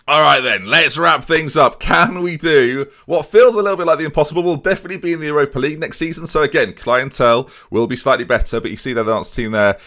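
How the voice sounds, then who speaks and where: A man's voice: mid-range voice, a bit bright. A man commentating on his own football management game, chatty and talking straight to his viewers, given to exasperated outbursts. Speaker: video game streamer.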